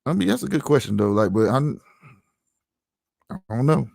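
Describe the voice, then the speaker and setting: St guy on a podcast, slangy storytelling, dry close sound, mid pitch. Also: sing-song, moderate pace, gravelly, a little mellow, dry recording. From St. Louis, USA. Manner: slangy, storytelling, lots of "you know what I'm saying". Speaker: podcast host. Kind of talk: casual podcast chat.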